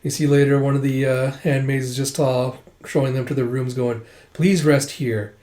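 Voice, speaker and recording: A man's voice: medium pitch, monotone, a little fast, warm tone, reverberant. A man casually recapping a comic volume, rambling and stringing quotes together with "it's like". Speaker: comic book reviewer.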